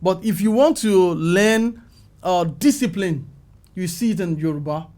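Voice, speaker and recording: Animated high-voiced Nigerian man storytelling. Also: unhurried. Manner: animated, acts out calls and quotes with rising pitch. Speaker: film makeup artist, guest. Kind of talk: storytelling in an interview.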